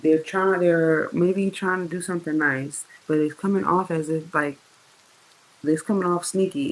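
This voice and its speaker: A tarot reader gives a loose, profane reading, full of slang and talking right to the audience. Key words get stretched out slowly for weight, and the voice sits at an ordinary middle pitch. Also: rough recording. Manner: slangy, profane, chatty, addresses viewers directly; drawls words out slowly for emphasis. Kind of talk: casual tarot reading monologue.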